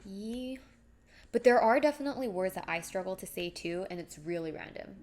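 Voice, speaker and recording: A woman's voice: medium pitch, animated, fairly quick, darkish tone, faint music behind. A young woman chatting casually on a live stream while crafting, rambling and reading out viewer messages. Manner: chatty, rambling, reads chat aloud.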